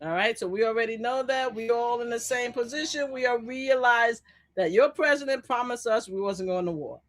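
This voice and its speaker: A woman calling in as a guest on a live stream, talking loud, animated and sassy in casual political chat. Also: a little high, normal speed. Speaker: guest commentator.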